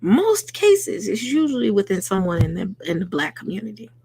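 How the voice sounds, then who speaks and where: A woman's voice: mid-range voice, big pitch swings, normal speed, mellow, slightly rough. A woman hosting a late-night livestream, talking earnestly and conversationally to her chat. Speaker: host.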